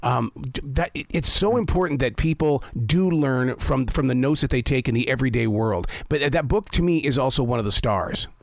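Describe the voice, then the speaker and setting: A man's voice: medium pitch, moderate pace, creaky, few pauses, dry recording. A man hosting an interview and asking chatty, enthusiastic questions. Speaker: interviewer host.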